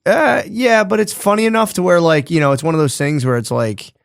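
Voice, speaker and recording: A man's voice: on the high side, creaky, no echo. Easygoing man in dry podcast banter. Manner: agreeable, laid-back banter with quick affirmations. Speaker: podcast co-host. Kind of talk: casual comedy podcast chat.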